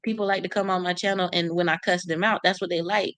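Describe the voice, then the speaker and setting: A woman's voice: on the low side, steady tone, fast, a bit bright, no room sound. Brash, profane woman on a livestream. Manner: blunt, profane, brash, talks back to commenters. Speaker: channel host reading live comments. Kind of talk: casual livestream chat.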